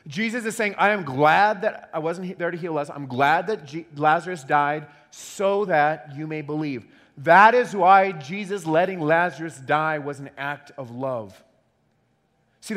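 A man preaching a sermon in an animated way, repeating words as he acts out quotes. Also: fairly high pitch. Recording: long hall reverb.

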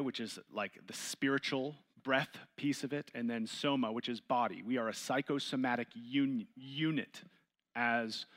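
Here a man leads a Bible study, reading passages out loud and unpacking them for the group through questions. When he wants to emphasize something, both his pitch and his volume climb.

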